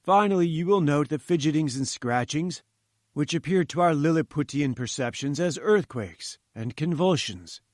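A haughty older professor holds forth with grand, patronizing emphasis, as a male reader puts him on. The voice sits somewhat high and is recorded close and dry, storybook style. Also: expressive, moderate pace, a little mellow, dry recording, lightly acted. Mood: pompous. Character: pompous older male professor, condescending eccentric. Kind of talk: audiobook character voice.

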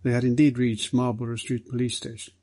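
A man reading a novel aloud as an audiobook narrator in a steady, measured way. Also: mid-range voice, no room sound. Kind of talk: scripted narration.

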